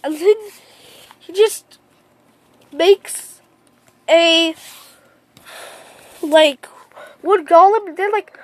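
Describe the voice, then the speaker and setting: A woman's voice: very high voice, extremely slow, long pauses, dry recording. A woman making up a fan story as she goes, rambling and repeating herself. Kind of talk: improvised fan story retelling.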